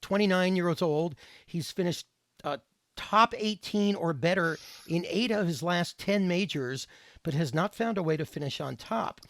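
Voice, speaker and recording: A man co-hosting a sports podcast, chatting casually and reading news items and stats in a steady, scripted way. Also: high voice, a little slow.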